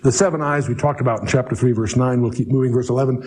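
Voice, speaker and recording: A man teaching through a book of scripture verse by verse, reading the old text slowly and breaking in with wry, chatty asides. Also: mid-range voice, steady tone, darkish tone, poor audio. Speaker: Bible teacher.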